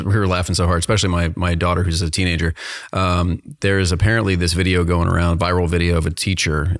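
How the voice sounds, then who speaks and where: A man co-hosting a podcast, telling a funny story in an animated way and acting out the quotes. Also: low-pitched, dry recording, studio quality. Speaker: podcast co-host. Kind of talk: casual podcast chat.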